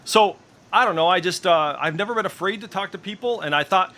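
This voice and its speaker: A man's voice: high-pitched, brisk, bright, forceful tone. A middle-aged man streaming in casual voice chat, ranting with heavy profanity and strong opinions.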